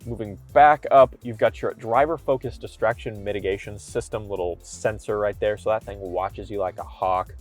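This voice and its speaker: A man with a somewhat low voice talks casually through a car interior, upbeat and enthusiastic. He sounds like a dealership reviewer, recorded inside a car cabin with faint background music underneath. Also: steady tone, moderate pace, few pauses. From Kentucky.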